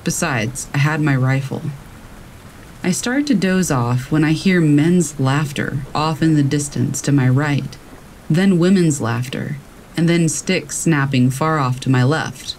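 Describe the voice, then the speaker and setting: A man narrating true scary stories in a slow, measured storytelling manner. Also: on the high side, a little mellow, slight background noise, low-quality recording. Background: rain.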